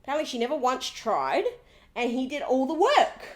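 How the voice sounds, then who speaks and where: A woman with a high, bright-pitched voice recaps a reality TV episode in a gossipy way. She is animated and sarcastic and keeps slipping into mimicry of the people she discusses. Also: moderate pace.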